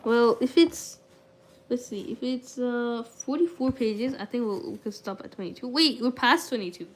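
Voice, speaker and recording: A woman's voice: fairly high pitch, normal speed, slight background noise. A young woman streamer reads a book aloud with frequent stumbles and restarts, then breaks off into loose, casual chat with her viewers, full of "like" and "I don't know".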